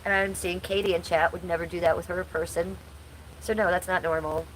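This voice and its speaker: A woman's voice: on the low side, flat delivery, fairly quick, fairly bright tone, slight background noise, poor audio. A woman in her forties hosting a casual livestream from home, chatting bluntly and crudely while reading chat aloud. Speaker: livestream host.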